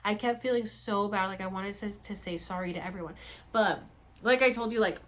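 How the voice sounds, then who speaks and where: A woman's voice: mid-range voice, brisk. A woman vlogger telling a story casually and acting out the dialogue. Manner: animated, acts out the dialogue.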